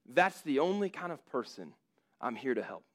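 Male preacher reading Christ: calm, soft, measured, reassuring. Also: mid-range voice, voice pushed down, natural voice. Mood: gentle.

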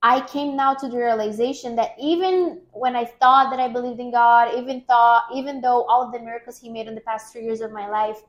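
Woman, podcast host, faith conversation, earnest and emotional, slightly high voice. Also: steady tone, brisk, few pauses, lo-fi sound. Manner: earnest, emotional testimony with many fillers.

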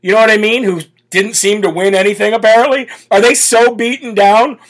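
A man's voice: high voice, fairly even intonation, brisk. An American man hosting a political talk show, reading donor messages aloud and leading prayer in a brash, bold way. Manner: laughs and chants loudly.

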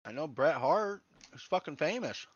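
Male co-host, higher bright voice, jokey and profane, lo-fi dry recording. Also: very animated, moderate pace, slightly rough, no room sound. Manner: joking, laughs often, swears. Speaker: podcast co-host. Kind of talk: casual banter.

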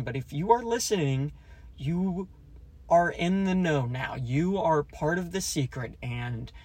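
A man's voice: on the high side, darkish tone, no room sound. Man hosting a jokey solo movie podcast. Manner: jokey, ranting, mock-conspiratorial; acts out quoted lines in raised voices. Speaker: podcast host.

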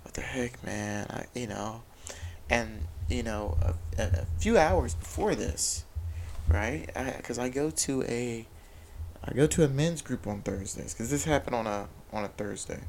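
Earnest gravelly man, confessional. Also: medium pitch, animated, unhurried, darkish tone, slight background noise, poor audio. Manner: earnest, confessional, with many restarts. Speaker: father sharing a personal story. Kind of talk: candid personal talk about faith.

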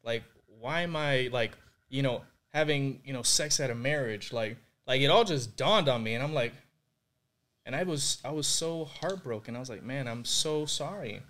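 A man's voice: mid-range voice, moderate pace, a bit bright. A young man raised in Puerto Rico, a podcast guest earnestly recounting his faith journey, with many "like"s and "you know"s. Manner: earnest and reflective, heavy use of "like" and "you know". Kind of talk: candid interview conversation.

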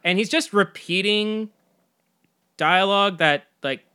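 Bright-voiced man riffing on movies. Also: high-pitched, takes it slowly, smooth. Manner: laughs often, quotes characters in mock voices. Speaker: podcast co-host. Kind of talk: casual movie review chat.

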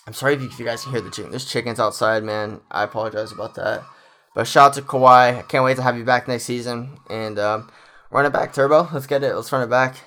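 A man's voice: medium pitch, fairly bright tone. A young man talking casually as a fan commentator in an effusive, emotional, rambling monologue.

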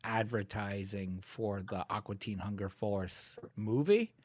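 A man's voice: on the low side, unhurried, a little mellow, dry recording. A man co-hosting a podcast, telling stories in a rambling casual way with lots of fillers and frequent laughs. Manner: rambling storyteller, laughs often, many fillers. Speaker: podcast co-host. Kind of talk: casual chat.

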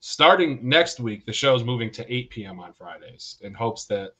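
A man's voice: mid-range voice, lively intonation, normal speed, a bit bright, breathy edge. A man hosting a casual livestream show, joking and swearing with his co-hosts. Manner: joking, profane banter. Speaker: podcast host.

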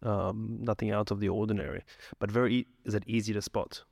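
Low-voiced joking male host, dry sound. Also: brisk, creaky, no room sound. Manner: relaxed, joking questions. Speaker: podcast host. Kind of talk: casual interview talk.

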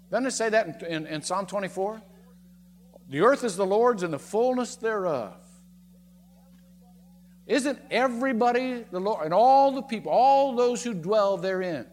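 A man preaching a sermon as pastor, speaking expressively and swinging his pitch up and down as he makes his points. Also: expressive, moderate pace, big-room sound, slight background noise. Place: church sanctuary.

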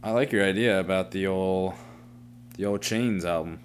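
Young male co-host, very deep voice, laid-back reactions, faint hum underneath. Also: moderate pace. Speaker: podcast co-host. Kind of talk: casual chat.

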